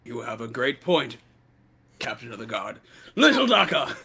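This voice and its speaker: A player man voices his king in curt, deadpan commands during a tabletop game. His voice is gravelly and husky, but bright and tense, and it swings widely in pitch. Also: moderate pace. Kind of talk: in-character roleplay as a king.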